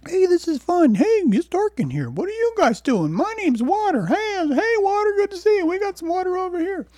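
A man voicing a chatty, playful male spirit of water in a very high, giddy voice. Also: sing-song, brisk, a little mellow, no echo.

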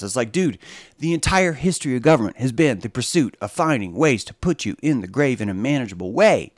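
A man hosting a live stream, talking in a rambling, sarcastic monologue that swings from low mutters to loud exclamations. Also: animated, fast, no echo, clean studio sound.

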